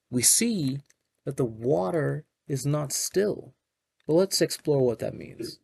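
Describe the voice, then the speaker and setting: A man, a children's librarian, reading a picture book aloud to young children in a gentle manner, stopping to explain the pages. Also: fairly high pitch, lively intonation, takes it slowly, creaky, breathy edge, dry recording.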